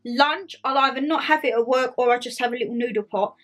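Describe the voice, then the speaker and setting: A woman's voice: fairly high pitch, fast, a bit bright. A young woman chatting casually to camera, bubbly and talkative, full of quoted asides. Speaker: vlogger host. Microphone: tablet camera.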